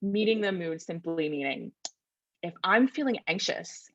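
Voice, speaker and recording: Young woman, low-pitched, workshop presenter, thoughtful and gentle, dry video-call sound. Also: animated, measured pace, dry recording, lo-fi sound. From Virginia, USA. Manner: thoughtful, gentle, frequent tag questions. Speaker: vocal wellness presenter. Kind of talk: conference webinar talk.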